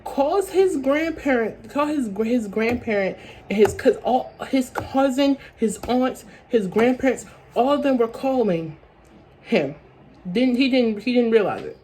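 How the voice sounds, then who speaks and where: A young woman telling a story from her own life in a casual vlog, talking in quick bursts that restart and repeat phrases. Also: on the high side, expressive, dark tone, a little hiss or hum, poor audio. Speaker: vlogger.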